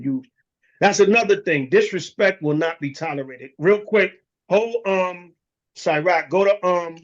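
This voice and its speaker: A man with a notably high voice delivers a preaching lesson as an elder. He talks bluntly, drops curses and street slang, and the recording sounds dull and muffled. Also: measured pace. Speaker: elder teaching a congregation.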